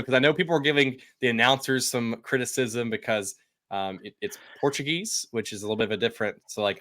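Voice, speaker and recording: A man's voice: medium pitch, a bit bright, no room sound, clean studio sound. A man co-hosting a soccer podcast, recapping a match in an upbeat way and asking his co-host questions, with many fillers. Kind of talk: casual sports chat.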